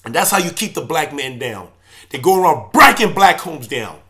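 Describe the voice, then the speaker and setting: A church elder speaking in an emotional, preaching personal video monologue. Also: male voice, fairly high pitch, sing-song, normal speed. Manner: impassioned, preaching tone, swings from loud to subdued.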